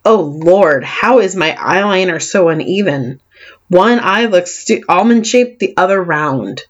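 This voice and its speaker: A woman's voice: expressive, a little slow, highs cut off. A woman with a Californian accent and a slight lisp, an author giving a dramatic, self-mocking reading of her own memoir. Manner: dramatic, self-mocking, wide swings in pitch and volume. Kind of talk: expressive reading of memoir prose.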